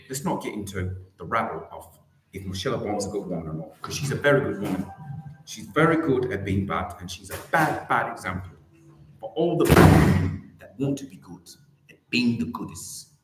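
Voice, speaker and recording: A man hosting his own channel, delivering a rambling satirical rant with theatrical swoops in pitch and words repeated over and over. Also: sing-song, moderate pace, roomy sound, a little hiss or hum, poor audio. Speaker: YouTube channel host.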